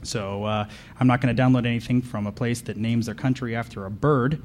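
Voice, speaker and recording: A man giving a comedic conference talk, deadpan and sarcastic, bantering with the audience from the stage. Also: medium pitch, brisk, slight background noise. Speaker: conference speaker.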